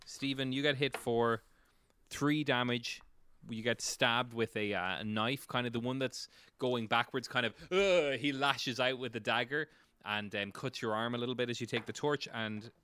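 A man narrates a tabletop game as game master, his voice bright, sharp and clean. He rambles through the action with fillers and casual swearing. The sound is dry and close, with no room around it. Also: medium pitch, moderate pace, clean tone, no echo. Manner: rambling, profane, many fillers.

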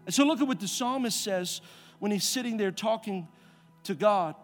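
High-voiced pastor preaching, hushed to emphatic. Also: male voice, moderate pace, faint music behind. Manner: swings from hushed to loud and emphatic, calls the congregation to respond. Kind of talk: sermon with personal story.

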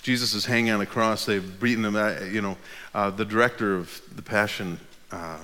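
A male pastor preaching a sermon, moving between hushed, whispered passages and loud, fervent preaching. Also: lowish voice, steady tone, brisk, long reverb tail, a little hiss or hum.

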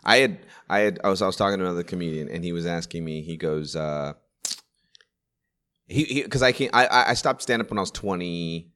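A comedian in his forties in casual chat, telling rambling stories in quick bursts with restarts and swearing. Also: deep voice, fairly bright tone. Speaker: stand-up comedian.

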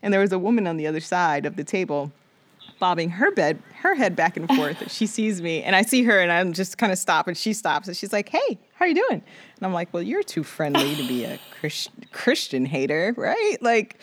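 A woman from the Bronx in her thirties, a podcast guest telling a personal story with animated acted-out quotes. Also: a little fast. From the Bronx, New York. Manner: animated, acts out quoted voices with big pitch jumps.

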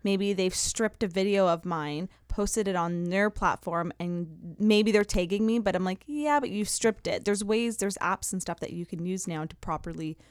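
A woman's voice: mid-range voice, normal speed, few pauses, smooth. A Canadian woman chats as an interview guest, friendly and easygoing. Her voice sounds dry and close, with no room echo. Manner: friendly, conversational, chatty. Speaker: guest, food entrepreneur. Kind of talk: casual interview chat.

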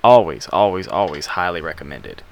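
Man, radio host, rambling casual chat, gravelly, fry-heavy voice. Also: low-pitched, animated, brisk. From Alabama. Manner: rambling and laid-back, with self-deprecating laughs. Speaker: music show host.

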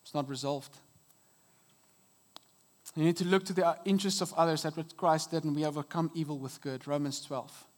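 A high, light-voiced man preaches an earnest sermon from a church stage. He swings between soft, hushed moments and emphatic rises, and his voice comes through a stage microphone. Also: fairly even intonation, normal speed, long pauses. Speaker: pastor. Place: church auditorium.

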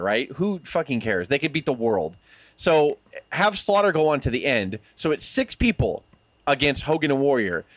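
A man in his forties rants through a wrestling review with cheerful profanity, his pitch leaping up and down as he makes his points. The sound is close and dry, with no room around it. He sounds sure of his opinions and talks like a regular host among friends. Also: a bit bright, no echo. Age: 40s. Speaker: podcast co-host. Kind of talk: casual wrestling review chat.

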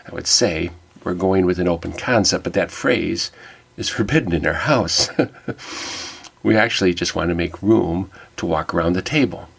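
Low gravelly man, reflective monologue. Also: normal speed. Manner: earnest, wry, reflective. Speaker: devotional speaker.

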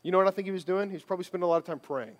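A man's voice: high voice, very fast. A man giving a sermon as a pastor, conversational and emphatic, repeating phrases for stress.

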